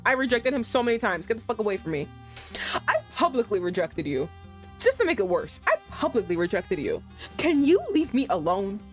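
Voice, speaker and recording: A young woman streamer reacting loudly and profanely while playing a romance visual novel. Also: medium pitch, sing-song, a little fast. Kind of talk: live-streamed gameplay reaction. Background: faint music.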